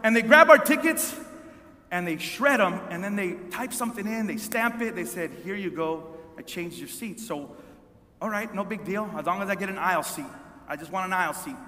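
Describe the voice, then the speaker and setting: A man tells a long, animated story from the pulpit in a high, bright voice, stumbling over repeated words as he goes. The sound carries a long reverb from a big hall. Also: brisk. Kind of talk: storytelling sermon. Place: large hall with an audience.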